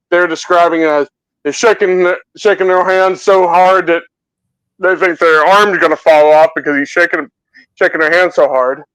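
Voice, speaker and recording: A man with a high voice co-hosts a casual film podcast. He talks excitedly, stumbling over and repeating words as he goes. His voice is recorded dry and close. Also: clear, resonant tone, no echo, rough recording. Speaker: co-host.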